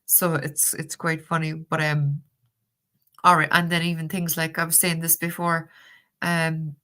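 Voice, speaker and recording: Chatty Cork Irish woman streaming, lowish, bright voice, quick laugh, casual swearing. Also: flat delivery. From Ireland. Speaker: tarot deck reviewer reading live chat. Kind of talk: casual live-stream chat.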